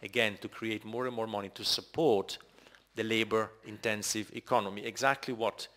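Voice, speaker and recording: A man's voice: fairly low pitch, fairly even intonation, moderate pace, fairly bright tone. A man answering a question at a lecture, hesitant and thinking aloud as he speaks. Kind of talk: discussion answer.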